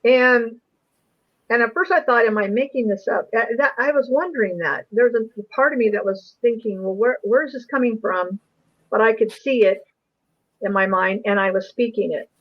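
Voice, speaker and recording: A woman's voice: on the high side, moderate pace, lo-fi sound. A woman guest, an investigator, earnestly telling a personal story on an interview show. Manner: earnest, emotional recounting.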